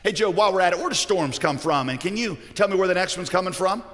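A man's voice: high voice, fast, a bit bright, long reverb tail. A man voicing God, who challenges Job with one pointed question after another. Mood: challenging.

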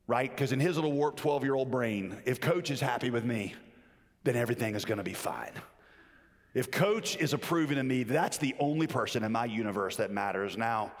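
A middle-aged man preaching a sermon, telling a story with lively acted-out voices and many restarts. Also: medium pitch, big-room sound. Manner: animated storyteller, acts out voices, frequent restarts. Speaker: pastor.

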